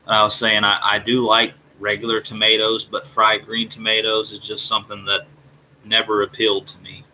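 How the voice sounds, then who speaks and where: Gruff Alabama man chatting on stream. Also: lowish voice, monotone, bright, forceful tone, slight background noise, poor audio. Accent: Southern US, Alabama. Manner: halting, repeats words and restarts. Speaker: streamer reading chat. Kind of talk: casual live-stream chat.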